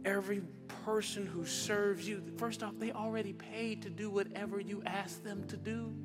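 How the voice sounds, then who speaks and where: High-voiced preacher swinging loud to hushed. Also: male voice. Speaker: pastor. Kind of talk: sermon. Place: church.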